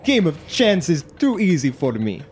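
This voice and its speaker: A man's voice: a little high, sing-song, normal speed, darkish tone, slight background noise, pitched above the performer's own voice. A man voicing a boastful male warrior who speaks in broken grammar.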